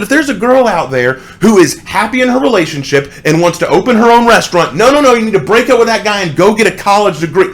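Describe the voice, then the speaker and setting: Exasperated sarcastic man, lively pitch. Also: fast, hardly any pauses. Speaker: song reviewer. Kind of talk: ranting response commentary.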